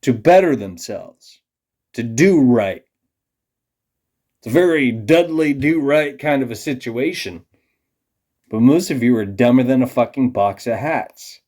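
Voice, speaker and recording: An angry man in a profane, condescending rant aimed at his audience. His mid-range voice drops to low muttering, then bursts out loud. He swears constantly and scolds his listeners. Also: lively intonation, unhurried, pauses often. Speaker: vlogger. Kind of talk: ranting monologue to camera.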